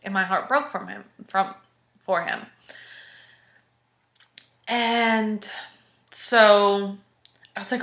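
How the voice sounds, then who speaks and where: A woman in her thirties telling a personal story in a frank, expressive, casual way. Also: medium pitch, a little slow, long pauses. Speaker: vlogger. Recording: echoey room.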